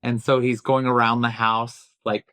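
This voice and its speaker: A man's voice: mid-range voice, little pitch movement, moderate pace, pushed and bright, no room sound. A man co-hosting a casual film review chat, easygoing and agreeable, often laughing along. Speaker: film review podcast host.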